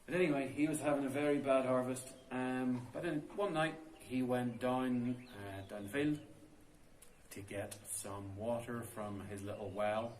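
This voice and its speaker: A man's voice: medium pitch, a little slow, a little hiss or hum. A man telling a folk tale in a chatty, unscripted way, inside a stone cave tomb. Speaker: storyteller. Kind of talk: oral folk storytelling. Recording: roomy cave echo.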